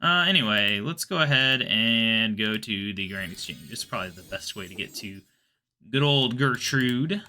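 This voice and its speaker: A man giving relaxed, rambling commentary while playing a game, often muttering to himself. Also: lowish voice, normal speed. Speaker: gaming video host. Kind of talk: casual gameplay commentary.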